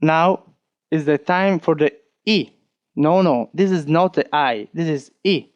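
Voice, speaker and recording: Italian accented guy teaching a lesson, slow and patient, dry muffled audio. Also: fairly high pitch, fairly even intonation, darkish tone, clean tone, dry recording. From Italy. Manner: slow, patient, repeats stroke counts. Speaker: language teacher. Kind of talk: online video lesson.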